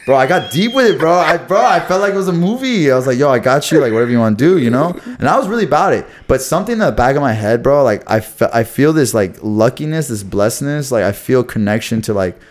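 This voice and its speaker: A young man from Houston, co-hosting a podcast and telling a long story in slangy, animated casual talk, saying "bro" again and again. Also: mid-range voice, fast, hardly any pauses. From Houston, Texas. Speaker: podcast co-host.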